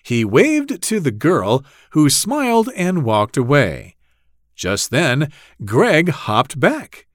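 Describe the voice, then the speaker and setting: A man narrating a children's story in a slow, very expressive read-aloud manner. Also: a little high, no room sound, clean studio sound.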